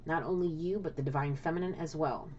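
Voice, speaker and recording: Blunt, lowish-voiced woman tarot reader. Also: fast talker, a little mellow, slight background noise. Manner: blunt, swears, keeps asking "okay?". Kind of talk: casual spiritual tarot reading. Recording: dull lo-fi audio.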